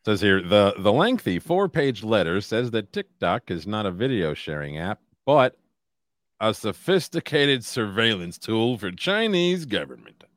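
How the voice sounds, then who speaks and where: A man co-hosting a casual podcast, relaxed, reading out news items and telling easygoing stories. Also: lowish voice, measured pace, no room sound, studio quality. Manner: relaxed storyteller, reads news items aloud. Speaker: podcast co-host.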